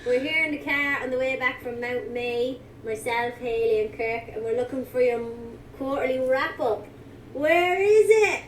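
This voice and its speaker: A woman's voice: a little high, steady tone, moderate pace, hardly any pauses, roomy sound, distant mic, slight background noise, low-quality recording. An enthusiastic Australian woman leaving a laughing voice message from inside a car. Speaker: hiker sending a voice message. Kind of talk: excited voice message.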